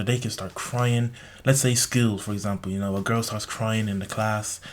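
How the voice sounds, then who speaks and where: A young man giving a blunt, rambling opinion monologue in a casual vlog, constantly saying "like" and tagging on "okay?". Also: fairly low pitch. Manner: rambling, heavy use of "like" and tag "okay?"; blunt, lecturing. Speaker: vlogger.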